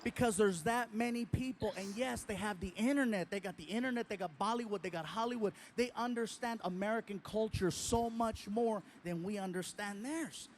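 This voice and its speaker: A man's voice: high-pitched, moderate pace, few pauses, a little hiss or hum. A man performing a stand-up comedy routine, telling a story with animation and acting out other people.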